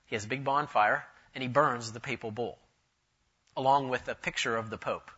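A man delivers a conference lecture on church history with enthusiasm and dry humor, drifting into asides. His voice is bright and forceful. The recording sounds dull and lo-fi. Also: medium pitch, fairly even intonation, normal speed, breathy edge.

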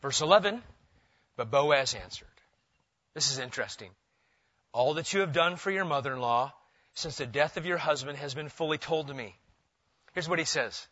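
Bright-voiced male pastor preaching. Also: on the high side, normal speed, no room sound, lo-fi sound. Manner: animated preaching, asks the congregation questions. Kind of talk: sermon.

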